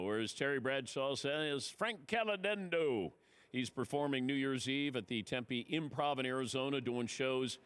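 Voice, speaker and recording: A man hosting a sports talk radio show, giving a brisk, lively read of plugs and intros. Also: medium pitch.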